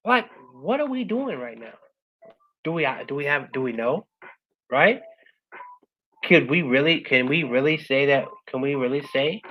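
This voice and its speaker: Passionate woman giving a motivational talk, keeps going "right?", gets loud then soft. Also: expressive, moderate pace, long pauses, muffled recording. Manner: passionate, repeats "right?" after most points; swings between loud urging and soft, low-key closing. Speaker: guest speaker.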